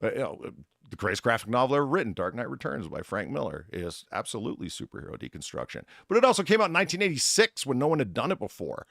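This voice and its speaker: A man's voice: medium pitch, big pitch swings, quick pace, vocal fry, a bit bright, dry recording, clean studio sound. An American man in his thirties hosting a podcast, rambling and swearing as he gives opinions and reads news. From United States. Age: 30s. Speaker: podcast host. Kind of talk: casual chat, reading news.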